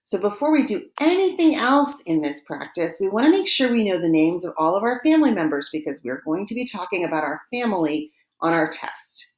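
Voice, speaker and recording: A woman teaching a recorded vocabulary lesson, patiently giving each word and repeating it slowly for practice. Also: medium pitch, very animated, reverberant. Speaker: French teacher.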